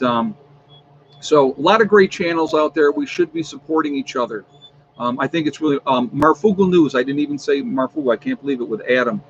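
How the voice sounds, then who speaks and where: A man hosts a casual livestream from home, chatting with viewers and peppering his talk with ums and uhs. His voice is mid-range, the audio is dull, and there's slight background noise.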